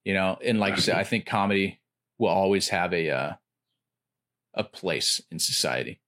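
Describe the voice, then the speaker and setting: A man chatting casually about comedy, rambling with lots of filler words and getting animated when he retells jokes. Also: sits low, moderate pace. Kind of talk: casual chat.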